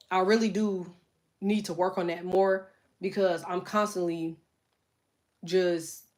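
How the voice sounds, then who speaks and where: A middle-aged woman hosting a tarot livestream, chatting casually straight to her viewers in a blunt, profane, emphatic way. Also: on the low side. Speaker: tarot reader and livestream host.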